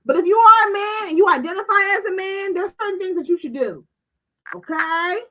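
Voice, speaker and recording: A woman's voice: very high voice, brisk, bright, forceful tone, low-quality recording. A woman hosting a streaming talk show, ranting bluntly with a lot of swearing and emphatic delivery. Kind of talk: casual livestream commentary.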